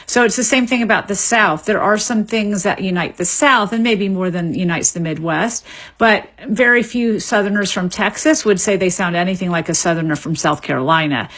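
A woman, a linguist being interviewed on radio, explaining in a measured way with small restarts. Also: medium pitch, a bit bright, slightly rough. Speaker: linguist guest.

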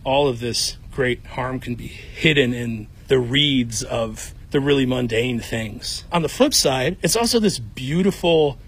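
A podcaster with a Chicago accent, reading playfully in a makeshift studio in a clothing shop, on a high-quality mic. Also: male voice, lively intonation, measured pace, fairly bright tone, slightly rough. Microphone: high-quality microphone.

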